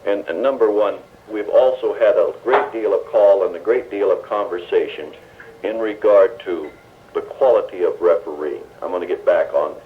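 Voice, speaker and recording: A man's voice: low voice, moderate pace. A man hosting a live call-in radio show, jovial and soothing with his guests. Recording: tinny 1970s radio broadcast with faint hiss.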